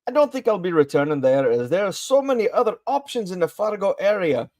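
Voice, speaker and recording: A man's voice: high-pitched, very animated, a little fast, darkish tone, dry recording. A man voicing a woman customer as he reads aloud her complaint about bad service. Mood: complaining. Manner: complaining, reading a review aloud. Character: grumpy woman customer with a put-on accent.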